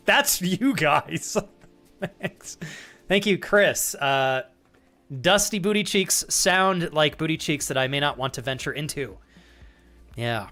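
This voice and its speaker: A man's voice: a little high, expressive, unhurried, pauses often, fairly bright tone, soft background music. A man streaming live, chatting casually with viewers, reading their messages and laughing often in mock indignation.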